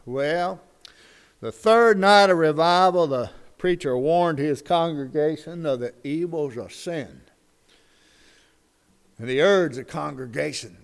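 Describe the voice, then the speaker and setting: A man's voice: a little high, lively intonation, a little slow. A male pastor preaching a sermon with folksy, humorous storytelling.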